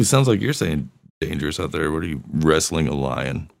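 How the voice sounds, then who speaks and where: A man's voice: a bass voice, lively intonation, moderate pace, creaky, no echo. A man hosting a podcast, joking crudely and chatting casually as he plays voicemails. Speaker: podcast host. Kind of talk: casual banter reading voicemails.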